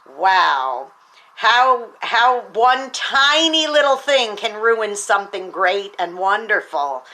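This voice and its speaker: A woman's voice: medium pitch, very animated, takes it slowly, bright, forceful tone. A woman hosting an upbeat devotional talk, chatty and encouraging, with many fillers. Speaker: teacher and speaker hosting a devotional show.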